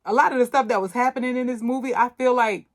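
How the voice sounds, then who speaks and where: Speaking quickly in a fairly high voice, this woman hosts a podcast where she tears into a movie while recapping it. The chat is casual and blunt, and she tells it with lively energy, loads of slang, and plenty of profanity.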